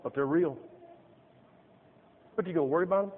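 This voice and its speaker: A man's voice: a little high, a little fast. A middle-aged man preaching a sermon in a folksy, joking way, full of rhetorical questions. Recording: tinny, echoey church recording.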